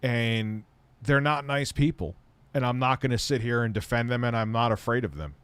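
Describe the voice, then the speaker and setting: A man's voice: mid-range voice, normal speed, fairly bright tone, clean tone, no room sound. A man answering viewer questions on a casual live stream, blunt and rambling, often heated and swearing.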